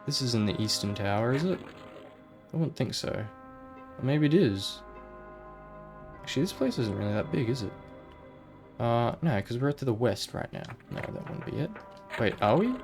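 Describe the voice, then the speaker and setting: A man's voice: mid-range voice, lively intonation, normal speed, pauses often, darkish tone, soft background music. A man playing a video game and thinking aloud in a rambling, casual way. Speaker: gamer. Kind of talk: let's play commentary.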